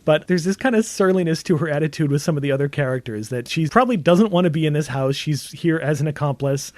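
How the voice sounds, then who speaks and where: A man co-hosting a film podcast talks quickly and eagerly, often breaking into laughter. His voice sits a little high for a man. The sound is dry and close, with no room echo. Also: darkish tone. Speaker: podcast co-host. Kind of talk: casual film discussion.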